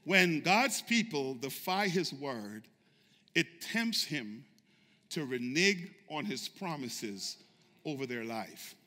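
A man preaching a sermon as pastor, shouting fervently and calling out to his congregation for responses. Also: medium pitch. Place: church sanctuary. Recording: echoey church sanctuary reverb.

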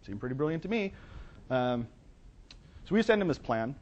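A man who works as a business plan consultant, telling an animated, wry story to an audience of entrepreneurs. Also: mid-range voice, normal speed. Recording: dull lo-fi recording.

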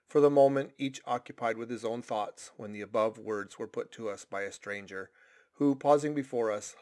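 A man narrating a classic novel chapter in steady, measured storytelling. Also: fairly low pitch. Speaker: audiobook reader.

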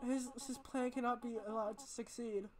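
A woman reading aloud the lines of a gentle, motherly female goat monster, in a soft, slow, earnest way. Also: a little high, fairly even intonation, lightly acted. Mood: tender pleading.

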